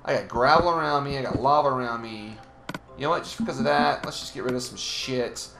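Brisk and medium-pitched, a young man runs a Let's Play with music in the background. The gaming channel host stays animated throughout, swearing and mocking the monsters while he plays.

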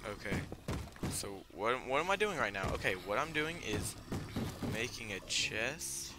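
A man's voice: mid-range voice, lively intonation, unhurried, heavy background noise. A young man giving casual, filler-heavy gameplay commentary, given to startled outbursts. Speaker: let's play gamer.

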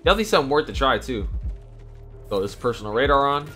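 A young man giving excited, slangy live commentary over his own video game play, talking straight to his viewers with loud outbursts. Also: medium pitch, quick pace. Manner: slangy casual talk to viewers. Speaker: gaming YouTuber. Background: background music.

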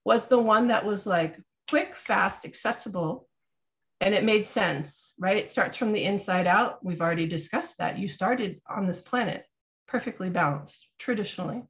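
Woman, thirties, casual health chat, animated, acts out quotes. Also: mid-range voice, moderate pace. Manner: animated storyteller acting out quotes. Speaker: podcast co-host.

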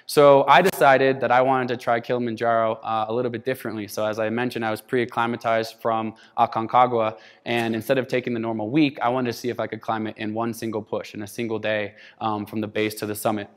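A man's voice: medium pitch, level tone, fast talker, few pauses. A man in his thirties giving a storytelling keynote talk, animatedly acting out quoted dialogue. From United States. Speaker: keynote speaker. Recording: hall reverb.

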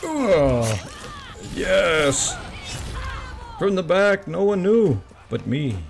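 A man giving casual commentary on his own gameplay, swearing often and breaking into excited yelps and groans. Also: sits high, drawn-out words, creaky.

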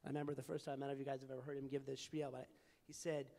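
With a warm, creaky, mid-range voice, a young Californian man talks very fast and flatly. He is an advocacy group founder on a panel at a public forum, earnest and anecdotal, full of fillers and restarts, and a long reverb echoes through the large hall.

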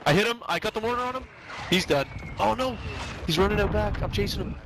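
A man in casual gameplay chat, hyped and swearing, repeating his excited callouts. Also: high-pitched, fast talker, a little hiss or hum. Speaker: gamer. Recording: loud game gunfire in the background.

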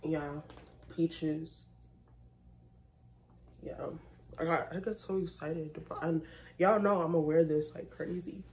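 A young woman chatting casually to her viewers in a vlog, talking to them directly and breaking into excited bursts. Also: low-pitched, takes it slowly, pauses often. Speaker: vlogger.

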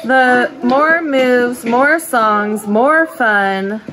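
A woman's voice: on the high side, extremely slow, background noise. A woman hosting a casual thrift-haul vlog, chatty and upbeat, laughing often as she shows her finds. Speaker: thrift vlogger and channel host. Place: thrift store, then a barn.

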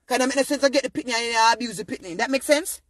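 A young adult man with a Jamaican accent talks straight to his viewers in a casual monologue. He is emphatic and often rises close to shouting. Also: very high-pitched, very fast, slight background noise. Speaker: vlogger.

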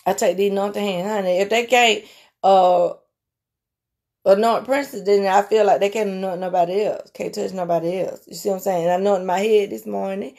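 A woman giving an informal sermon in a folksy way, calling her listeners honey and slipping into soft, murmured prayer. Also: mid-range voice, steady tone, brisk, vocal fry. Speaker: preacher.

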